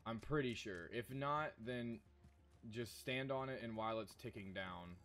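A man talking casually over his gameplay in a flat monotone, sleepy and worn out from no sleep. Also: a little slow, heavy background noise. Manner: low-key, flat monotone delivery. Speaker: gaming video creator.

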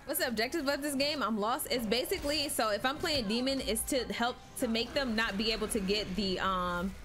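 A woman streaming live gameplay, with loud, excitable banter full of swearing. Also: on the high side, fairly quick.

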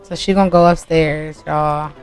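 A woman's voice: low voice, fairly even intonation, normal speed, clean tone. A woman hosting a gaming channel, chatting casually and laughing as she narrates gameplay to her viewers. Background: soft music.

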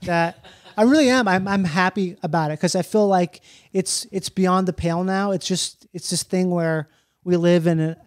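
A man, a comedian guest on a podcast, chatting casually in an animated, profane, rambling way. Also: high voice, normal speed, dry recording.

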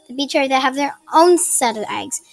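With faint music behind her, a gaming channel host gives casual gameplay tutorial tips, rambling and chatting with apologetic asides. Her voice is high, brisk and gravelly with lively intonation, captured by a laptop's built-in mic at a home desk with a ring light.

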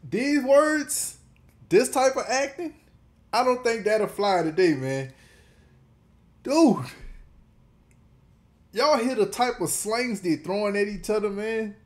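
Male reaction host: slangy, exclaiming, slow-paced, voice rising and falling a lot. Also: high voice, expressive. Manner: slangy, exclaiming, laughing often. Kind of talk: casual reaction commentary.

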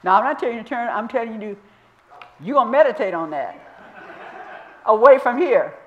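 A woman's voice: a little high, lively intonation, phone-quality sound. Emphatic woman minister teaching scripture. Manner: emphatic, repeats and drawls scripture slowly. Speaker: minister teaching Bible study. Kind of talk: sermon-style Bible teaching. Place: church.

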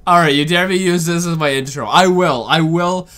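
A man hosting a casual reaction video, excitable and laughing often, repeating his exclamations. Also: a little high, normal speed. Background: video audio and music playing.

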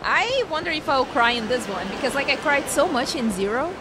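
A woman streaming a video game, chatting and reacting with excitement. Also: sits high, fairly quick, noisy background. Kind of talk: casual gameplay commentary.

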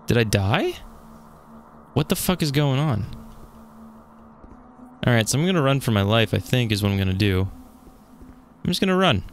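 A gaming YouTuber plays a horror game, jumpy and swearing as he talks to himself. His mid-range voice has a sing-song quality at a moderate pace, with frequent pauses and slight background noise.

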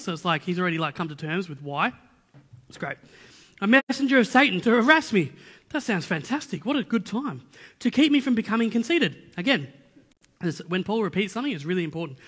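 High, bright-voiced pastor preaching. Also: male voice. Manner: energetic, playful asides and repeated rhetorical questions. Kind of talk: sermon. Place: church hall. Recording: reverberant church hall.

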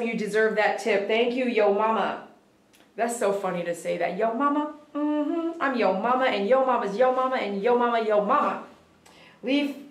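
A woman dog groomer hosting a casual livestream, reading viewer comments aloud with upbeat shout-outs and sudden whoops, in a grooming salon. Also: mid-range voice. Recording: echoey room.

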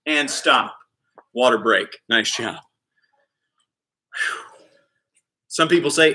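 A man's voice: fairly high pitch, slow pace, pauses often. A man leading a live online kids' PE class, cheering kids on and counting reps with playful energy. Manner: shouts with excitement during exercises. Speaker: kids PE coach.

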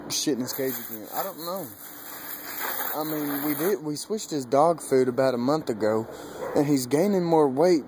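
A young man vlogging outdoors with a handheld camera, rambling and cursing, laughing often and getting animated as he retells a story. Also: on the high side. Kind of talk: casual rambling vlog. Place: outdoors by a dog cage. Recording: noisy outdoor ambience.

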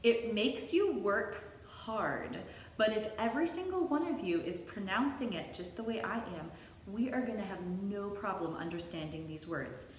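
A woman's voice: medium pitch, animated, moderate pace, a little hiss or hum. A woman teaching a song in call and response, singing lines for the class and then coaching how to pronounce the words. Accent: non-rhotic, drops the R. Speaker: music teacher. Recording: very echoey room with long reverb.

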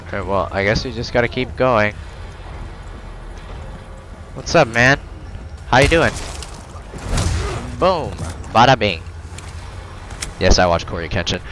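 A man's voice: medium pitch, animated, unhurried, long pauses, fairly bright tone, a little hiss or hum, poor audio. A man commentating his horror game playthrough, swearing and joking at the screen, yelping when something jumps out. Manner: profane, jokey, reactive, yelps when startled. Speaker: gamer.

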